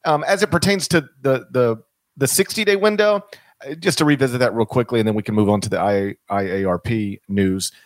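A man's voice: mid-range voice, fairly quick, dry recording. A man in a casual podcast discussion on college basketball, thinking aloud and often repeating his words as he makes his point.

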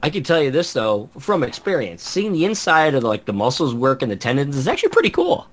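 A man's voice: medium pitch, huge pitch swings, fairly quick. A man co-hosting a podcast, telling stories in a casual way and laughing through them. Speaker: podcast co-host. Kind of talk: casual chat, storytelling.

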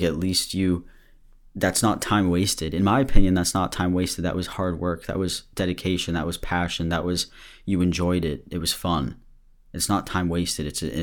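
A young man with a very low voice gives an earnest, loose motivational talk. He sounds a little out of breath, restarts his sentences often and swears casually, like a podcast host speaking straight to his listeners.

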